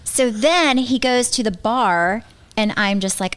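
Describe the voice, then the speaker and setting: A woman podcast host in casual chat, telling a funny story with lively, self-mocking energy. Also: on the high side, a little slow, clear, resonant tone.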